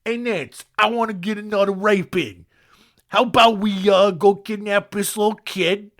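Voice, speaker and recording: A man's voice: high-pitched, fairly even intonation, normal speed, fairly bright tone, pitched above the performer's own voice. A man putting on a smug, sinister schemer. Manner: drawling, smug put-on voice.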